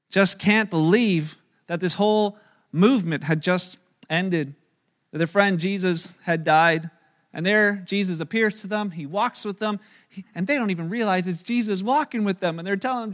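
A man preaching a sermon, retelling a story with lively acted-out quotes and casual asides. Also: high voice. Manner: animated storytelling, acting out quoted voices. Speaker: pastor.

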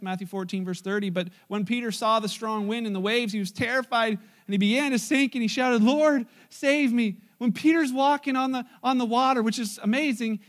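A male pastor preaching a sermon, telling the story in a lively, joking way and acting out the characters. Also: sits high.

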